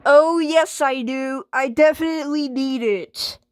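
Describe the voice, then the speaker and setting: A stubborn, whiny washing machine with a moody streak, played by a woman, talking slowly in a fairly high voice with defiant, slangy comebacks. The sound is dry and close, with no room around it. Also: dry recording. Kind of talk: homemade skit voice acting.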